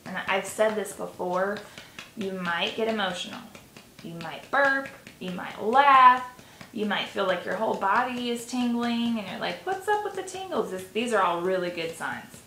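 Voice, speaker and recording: Gentle, slow-talking woman guiding tapping. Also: medium pitch. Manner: gentle, coaching with slow repeat-after-me phrases and audible sighs. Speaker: tapping guide. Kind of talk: guided tapping session. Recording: echoey room with faint noise.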